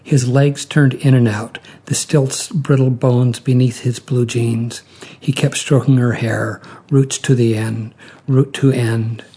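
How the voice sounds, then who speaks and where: Guy reading a story aloud, gravelly and super husky, calm and measured. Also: medium pitch. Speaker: narrator.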